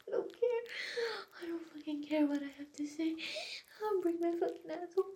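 Young woman doing adult audio roleplay, high voice, gravelly edges, breathy whispers. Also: moderate pace, mellow.

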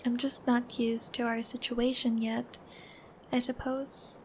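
A woman's voice: a little high, level tone, slow, a little hiss or hum. A young woman playing a shy, giggly girlfriend who babbles affectionately, in a whispered role-play. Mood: shy, tender.

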